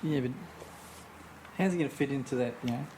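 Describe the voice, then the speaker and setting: A man's voice: medium pitch, background noise. A man, sharing football opinions in a casual podcast chat and often ending with tag questions. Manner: quick, musing football opinions, tags questions. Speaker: podcast co-host.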